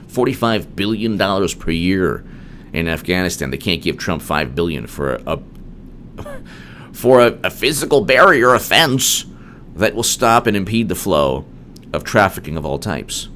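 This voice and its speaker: Man, low voice, lively emphatic commentary, digressive, faint background hiss. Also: moderate pace. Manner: emphatic, digressive, many restarts. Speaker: political commentary host. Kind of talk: solo political commentary monologue.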